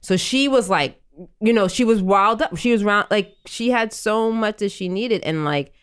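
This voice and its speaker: A woman's voice: medium pitch, normal speed, smooth. A woman, hosting a podcast and telling a candid, reflective story with many filler words. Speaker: podcast host.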